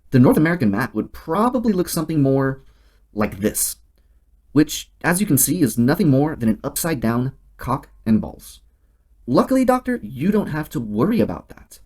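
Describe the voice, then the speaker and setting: A man hosting a scripted satirical monologue and delivering it in a deadpan, mock-serious way. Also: mid-range voice. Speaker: host.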